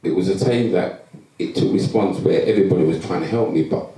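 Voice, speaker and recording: A man's voice: low voice, brisk. A man, a former professional footballer, telling his life story to a live audience and acting out the conversations in it. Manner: animated storytelling, acting out quoted exchanges. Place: event hall. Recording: echoey hall, distant mic.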